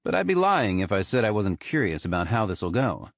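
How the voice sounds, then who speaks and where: A man narrating an audiobook in an expressive, storytelling manner. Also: on the low side, brisk, vocal fry, dry recording. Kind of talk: scripted narration.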